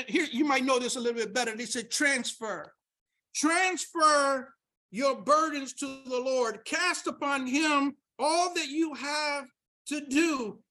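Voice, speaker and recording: A woman preaching a sermon and reading scripture aloud, emphatic, repeating key words and rising to near-shouts. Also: fairly high pitch.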